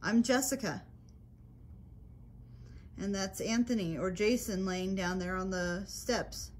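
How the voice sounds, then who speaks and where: A woman's voice: mid-range voice, slow pace, a little hiss or hum. Patient woman coaxing spirits. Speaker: paranormal investigator. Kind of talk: calling out to spirits during a ghost hunt. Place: old hotel interior.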